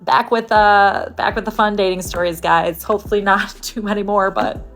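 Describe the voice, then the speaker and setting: A woman's voice: mid-range voice, steady tone, moderate pace, a bit bright, faint music behind. A young woman telling a dating story in a chatty way, full of "like" and acted-out quotes. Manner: chatty, lots of "like" and quoted dialogue. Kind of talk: casual storytime.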